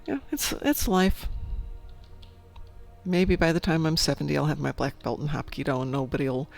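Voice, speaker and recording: A woman hosting a casual gaming chat, a chatty storyteller who talks in an animated, jokey way. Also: low-pitched, normal speed, vocal fry, faint music behind. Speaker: stream host.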